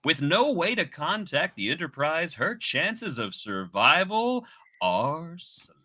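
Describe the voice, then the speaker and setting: A man's voice: fairly high pitch, very animated, slow, pushed and bright. A man hosting a casual podcast, joking and theatrical as he banters with his co-hosts. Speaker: podcast host.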